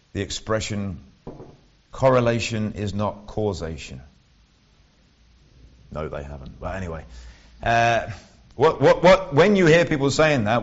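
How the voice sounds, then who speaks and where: A man preaching a sermon in a conversational way, with wry asides and frequent restarts. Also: medium pitch. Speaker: lay preacher. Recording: dull lo-fi recording.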